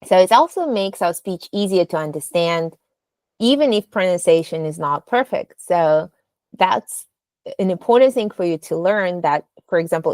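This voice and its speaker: Workshop instructor, female, unhurried, lowish voice, dry close sound, demos lines with big rises. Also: a little mellow, no room sound. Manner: demonstrates sentences with exaggerated rising intonation; halting, with many fillers and restarts. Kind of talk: spoken lesson on intonation.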